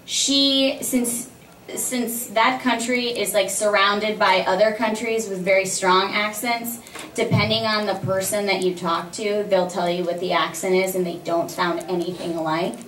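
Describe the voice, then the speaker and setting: A woman guest speaks on a convention panel, bouncing through stories and playing out every exchange. She sounds distant from the mic, with a roomy echo and faint hum. Her pitch sits at a middle level. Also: a little slow. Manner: animated storyteller who acts out quoted exchanges and laughs often. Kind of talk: casual audience Q&A. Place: large convention panel room. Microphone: filmed from the audience by a distant camera. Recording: echoey hall recorded from far off with faint hum.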